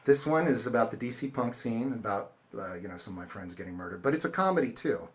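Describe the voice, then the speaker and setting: Crowd noise surrounds a middle-aged author speaking at a bookstore event space, animated and quick with a medium pitch. In this casual talk with audience Q&A, he tells stories and performs the voices of people he quotes.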